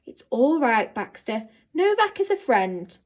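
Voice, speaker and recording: A woman voicing an earnest, gentle young boy in a storybook reading, speaking in a patient, coaxing way. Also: fairly high pitch, sing-song, unhurried.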